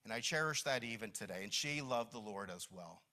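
A man's voice: on the low side, animated, a little fast, pushed and bright. A middle-aged man from New Jersey giving a reminiscing Mother's Day talk in a church hall, with many restarts. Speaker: church speaker.

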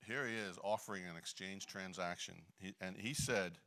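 A middle-aged man preaching a conversational sermon, full of "you know" fillers and frequent throat clearing. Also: deep voice, moderate pace, bright, forceful tone. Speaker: Bible teacher. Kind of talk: conversational sermon with a personal story.

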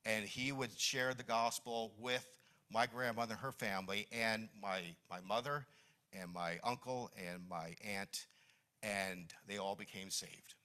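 Middle-aged man, church speaker, bright tone, fond and halting. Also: lowish voice. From New Jersey. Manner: warm, reminiscing, with many restarts. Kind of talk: Mother's Day church talk. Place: church meeting hall.

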